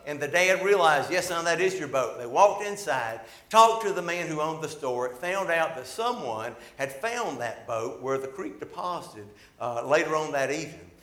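A man preaches to his congregation in a church, telling a story as he goes. His fairly high voice swells loud at the peaks, then falls almost to a hush. The sound rings around the hall. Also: expressive, normal speed, few pauses. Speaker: pastor. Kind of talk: sermon. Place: church sanctuary.

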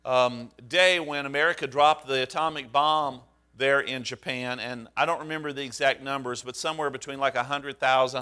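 A pastor delivers a sermon in a relaxed, storytelling way, pausing on fillers and restarting phrases. His voice is bright and forceful, pitched in the ordinary middle range for a man.

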